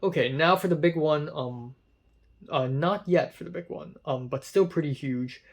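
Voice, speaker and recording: A man talking casually about a film festival line-up, rambling with many fillers and growing excited at times. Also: fairly high pitch, moderate pace, vocal fry. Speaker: film reviewer. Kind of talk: casual vlog commentary.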